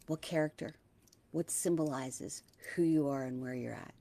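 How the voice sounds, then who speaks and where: A middle-aged woman hosting a spiritual talk, gentle and dreamy, slowing on key words and sometimes dropping to a hush. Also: a bass voice, creaky. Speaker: spiritual teacher and host. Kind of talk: soft-spoken spiritual talk.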